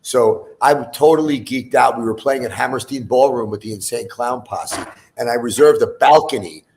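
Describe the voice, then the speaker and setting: Gravelly-voiced man telling a rambling story. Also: medium pitch, moderate pace, darkish tone. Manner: profane, rambling storyteller with many fillers. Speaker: guest musician. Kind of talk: casual storytelling in a chat show.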